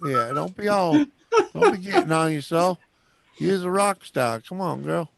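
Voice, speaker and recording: A man's voice: sits high, big pitch swings, normal speed, vocal fry, a crowd in the background. A man chiming in casually with short, laid-back remarks in a group chat. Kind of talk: casual banter.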